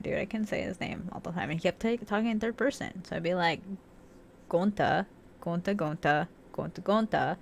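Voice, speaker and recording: A woman's voice: medium pitch, vocal fry, background noise. A young woman casually commenting on a game as she plays, chatty, laughing often and swearing freely. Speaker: let's-play streamer.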